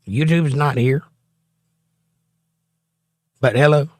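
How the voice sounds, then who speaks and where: A man's voice: medium pitch, moderate pace, no echo, studio quality. A man hosting a casual livestream from home, reading viewer chat aloud and joking back. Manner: reads chat messages aloud, wisecracking.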